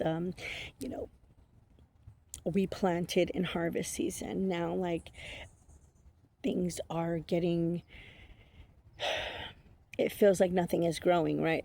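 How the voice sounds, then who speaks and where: A woman's voice: fairly low pitch, dark tone. Chatty woman giving a rambling card reading. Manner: rambling, chatty, laughs often, swears casually. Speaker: intuitive oracle card reader. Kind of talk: casual channeled card reading.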